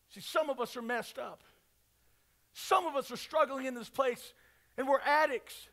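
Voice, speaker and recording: A man preaching a sermon at a church service, swinging between fervent shouts and hushed, quiet passages. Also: very high-pitched, moderate pace. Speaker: pastor.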